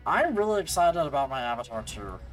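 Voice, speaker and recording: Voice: mid-range voice, very animated, fairly quick, rough recording. A streamer chatting casually during a game stream, rambling and self-mocking and repeating lines, over faint music.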